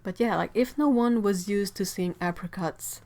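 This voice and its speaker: A young woman with a stuffy nose hosts a casual livestream from her home art studio, speaking in a mid-range voice at a moderate pace. She chats and giggles, reads viewer comments aloud, and drifts off into soft asides.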